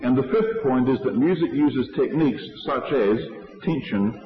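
A man giving a sermon, explaining his points in a measured way to a congregation. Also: medium pitch. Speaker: preacher. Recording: echoey hall, dull lo-fi sound.

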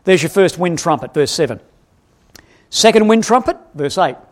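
A man's voice: fairly high pitch, normal speed. A man preaching an expository Bible lesson, quizzing his audience and correcting himself as he goes. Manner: animated, asks the audience questions, self-correcting.

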